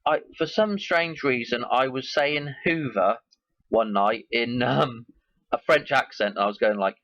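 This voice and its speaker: This man hosts his own video in an unhurried, medium-pitched voice that's a bit bright. He rambles casually, loosely connecting his thoughts. The audio is dull, with no room sound.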